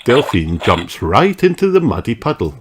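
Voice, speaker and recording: A man reading a children's picture book aloud in an expressive, sing-song storytelling manner. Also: lowish voice, normal speed, background noise. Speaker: storybook reader. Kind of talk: children's audiobook read-aloud.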